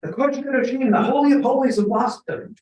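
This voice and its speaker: A middle-aged man, a professor giving a humorous storytelling talk, animated and joking with bursts of emphatic shouting. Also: very high-pitched, fast, highs cut off. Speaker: guest lecturer, professor. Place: large echoing temple hall. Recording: echoey hall from far off.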